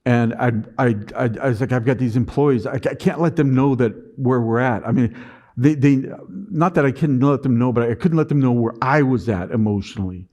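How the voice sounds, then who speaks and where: A middle-aged man on stage, telling an audience a story about his own business. His voice sits at an ordinary pitch for a man. He slips into voicing his past self as he goes, and his storytelling stays animated throughout. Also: moderate pace, dull audio. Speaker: conference speaker.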